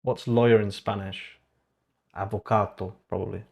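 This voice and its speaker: A man's voice: on the low side, steady tone, normal speed, vocal fry, a little mellow. Man muttering through a live coding stream. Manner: muttering, sarcastic asides, reading chat aloud. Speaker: streamer building an online store.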